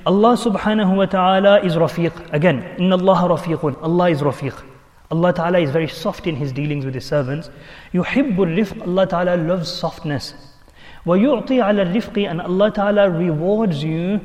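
A man with a slightly high voice explains religious texts to a class, talking things through plainly. He repeats his key points and poses rhetorical questions. His voice carries a long echo, as if in a large hall. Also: darkish tone. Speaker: religious teacher.

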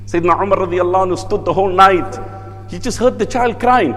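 A male preacher with a high voice tells stories with lively asides, breaking into chanted recitation. A long reverb trails each phrase, as in a large hall. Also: quick pace, faint music behind. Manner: storytelling, lively asides, mixes in Arabic recitation. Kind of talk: sermon.

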